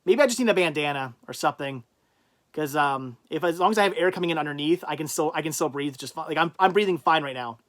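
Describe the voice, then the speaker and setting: A man hosting a casual livestream, rambling and thinking out loud as he reads out and answers viewers' chat comments. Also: fairly high pitch. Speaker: livestream host.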